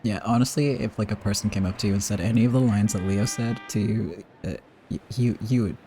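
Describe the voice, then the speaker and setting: Low-voiced, chatty male game streamer. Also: steady tone, fast, dark tone, a little hiss or hum. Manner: chatty, amused, with laughs. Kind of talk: casual let's-play commentary. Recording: voice over game music.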